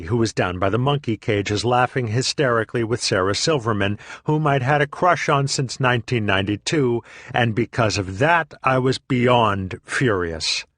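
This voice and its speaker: A man's voice: medium pitch, animated, moderate pace, a bit bright, dry recording, clean studio sound. A man reading a first-person memoir aloud in a profane, sardonic, self-deprecating way. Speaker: audiobook reader.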